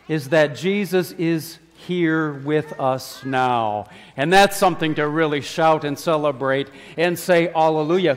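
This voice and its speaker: A man with a notably high voice leads a children's sermon from the front of a church. He talks in a playful, coaxing way, drawing the kids in with questions. His voice rings out with the long reverb of the sanctuary. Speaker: pastor.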